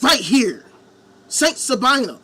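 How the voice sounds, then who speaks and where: A man's voice: very high-pitched, very animated, takes it slowly, bright, forceful tone, slightly rough. A man hosting a live stream, ranting angrily with heavy swearing and mocking the people he quotes. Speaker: live-stream commentary host. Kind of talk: profane ranting monologue. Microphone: webcam.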